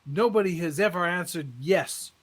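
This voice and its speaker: A man voicing a showy, fervent male tent-revival preacher in a pompous preaching cadence with drawn-out pauses. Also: high voice. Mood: solemn build-up.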